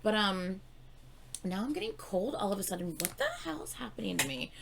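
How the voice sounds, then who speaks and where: A woman giving casual reaction commentary late at night, tired and yawning, bursting into excited exclamations and swearing. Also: mid-range voice, brisk, vocal fry, noisy background. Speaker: music reaction YouTuber.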